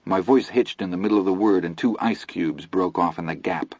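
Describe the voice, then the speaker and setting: A man with a low voice narrates a first-person story in a measured, low-key way. The sound is dry, with no room echo, and the audio is dull and lo-fi. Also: darkish tone, slightly rough.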